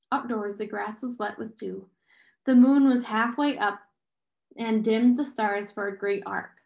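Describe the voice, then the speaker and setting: A woman's voice: on the high side, measured pace, vocal fry, darkish tone. A woman steadily reading a novel aloud in an echoey room. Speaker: reader.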